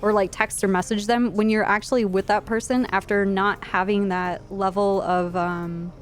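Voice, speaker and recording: A woman's voice: mid-range voice, flat delivery, normal speed. A woman streamer in her twenties tells a blunt, profane, rambling story, full of fillers, in casual chat. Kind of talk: casual storytelling while live streaming a game.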